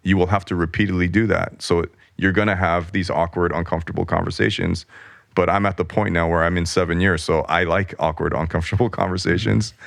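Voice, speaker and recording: A man's voice: deep voice, fairly even intonation, brisk, gravelly, dry recording, studio quality. A middle-aged man, a guest on an interview podcast, telling a candid personal story in a rambling, self-interrupting way and acting out the voices of the people in it. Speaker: guest, artist.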